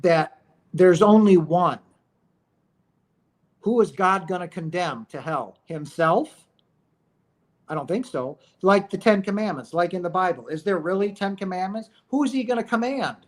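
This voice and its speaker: A high-pitched, animated man speaks at a measured pace while hosting a spiritual livestream about near-death experiences. He's emphatic and preachy, firing off rhetorical questions and often asking "right?" and calling out to "guys."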